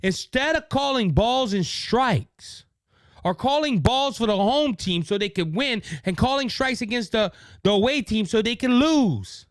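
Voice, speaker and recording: Cajun man, high lively voice, dry close sound, fired-up political host rant. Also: a little slow, dry recording. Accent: Cajun Louisiana. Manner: indignant, repetitive, mocking. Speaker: political talk show host. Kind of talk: opinionated political commentary.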